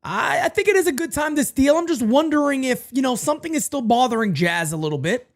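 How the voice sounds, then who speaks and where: A man calls a baseball game live for his stream, his voice swooping up in excited bursts and dropping low for quick asides. He talks into a desk microphone at home, casual and chatty with his viewers. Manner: animated, jumps between hype and low asides. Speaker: live baseball watch-party host. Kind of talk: live play-by-play commentary and sponsor read.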